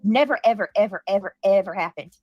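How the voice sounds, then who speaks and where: A woman's voice: mid-range voice, fast, no room sound, highs cut off, soft background music. Woman, livestream host, indignant commentary, dry sound. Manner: indignant, defensive, emphatic.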